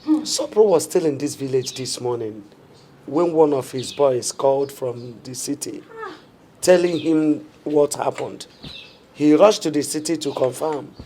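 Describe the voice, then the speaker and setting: A woman's voice: low voice, expressive, measured pace, warm tone, slight background noise. An actress playing a worried, reproachful middle-aged Nigerian mother. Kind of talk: Nollywood film acting.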